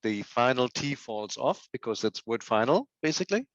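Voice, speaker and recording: A man's voice: medium pitch, sing-song, normal speed, dry recording. Man explaining step by step on a call. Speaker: student. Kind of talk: answering in class. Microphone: video call. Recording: dry, dull video call audio.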